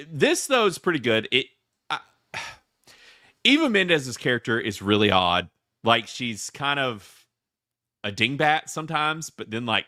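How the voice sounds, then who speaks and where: A Southern man rambles through a casual movie review as host, full of restarts and fillers. His voice is bright and swoops up and down, and the sound is dry and close. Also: medium pitch, no room sound. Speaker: podcast host.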